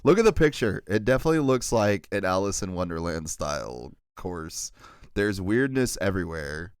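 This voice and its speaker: A man co-hosting a casual podcast reads an article aloud, breaking in with lots of laughter and asides and stumbling over names. His low, clear and resonant voice moves at a moderate pace, captured in clean studio sound with no echo.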